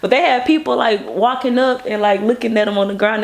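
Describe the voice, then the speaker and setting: A woman, a music video director, telling stories in a casual interview with animated energy. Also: a little fast, gravelly. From Baton Rouge, Louisiana. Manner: animated, acts out quoted people in a higher voice.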